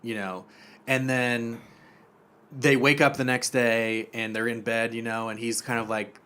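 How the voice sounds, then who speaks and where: Male podcast co-host, casual chat, profane, animated retelling. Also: mid-range voice, measured pace, clean tone. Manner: profane, animated storytelling with acted-out quotes.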